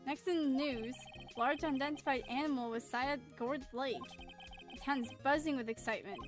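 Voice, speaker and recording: A formal TV news anchor, read aloud by a woman in a game read-through. The delivery is even and bulletin-like while the voice itself sits high. Faint music plays in the background. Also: normal speed, close to an everyday voice.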